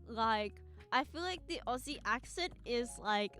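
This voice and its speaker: A young-sounding woman with a bright, clear, fairly high voice chats loosely with her stream audience. She rambles from thought to thought, full of "like" and "you know", breaking into giggles. Faint music plays softly behind her. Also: expressive, measured pace. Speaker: live streamer. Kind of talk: casual chat with viewers.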